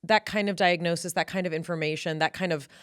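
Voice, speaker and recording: Woman host, smooth and resonant, measured and thoughtful interviewer. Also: fairly low pitch, fairly even intonation, a bit bright, dry recording, studio quality. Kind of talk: interview questions.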